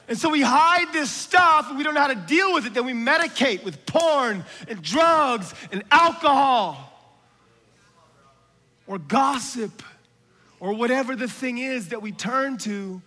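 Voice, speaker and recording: A man preaching a sermon, moving from hushed, whispered asides to loud, shouted exhortation, with casual slang and laughter. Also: very high voice, expressive, a little slow. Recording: long hall reverb from a large room.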